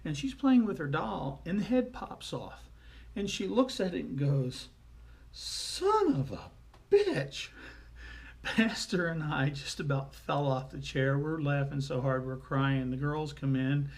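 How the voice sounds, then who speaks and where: A man with a slightly higher voice than most men recounts family stories in a relaxed, folksy manner. He rambles a little and fills his pauses with easy "uh"s. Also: gravelly. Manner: folksy, chatty, with frequent "uh" pauses. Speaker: storyteller. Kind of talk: casual spoken anecdote.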